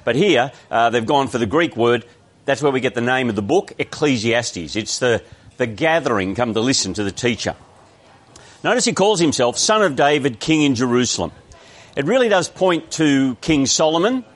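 A man's voice: mid-range voice, animated, moderate pace. A man with an Australian accent preaching a sermon, explaining a text in a conversational way with frequent restarts.

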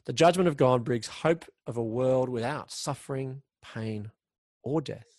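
A man preaching a sermon in an earnest way, slowing down to stress key words. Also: mid-range voice, darkish tone, no room sound, clean studio sound. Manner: earnest, slows down for emphasis, occasional restarts.

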